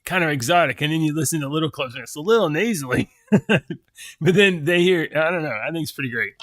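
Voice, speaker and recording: A man hosting a relaxed morning chat show, easygoing and quick to laugh. His voice is fairly high and very bright, and the sound is close and dry. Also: no room sound. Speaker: host.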